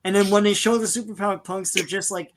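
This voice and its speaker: A man's voice: high voice, fairly even intonation, quick pace. A man co-hosting a casual movie podcast, speaking hesitantly with many ums as he thinks aloud. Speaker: podcast co-host. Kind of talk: casual movie review chat.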